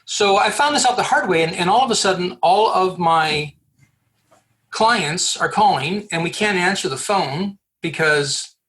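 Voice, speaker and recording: A man in his sixties, a podcast guest from Canada, telling a personal story in a lively, joking way and acting out the people he quotes. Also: sits high, a little slow. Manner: lively, jokey storyteller who acts out quoted dialogue. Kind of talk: animated storytelling.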